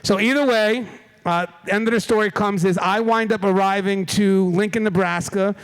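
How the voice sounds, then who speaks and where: Male keynote speaker, high voice, casual swearing storyteller on a conference stage mic. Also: normal speed, smooth. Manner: animated, casual storyteller who swears and laughs at his own story. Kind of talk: humorous travel anecdote in a keynote speech. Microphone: stage microphone.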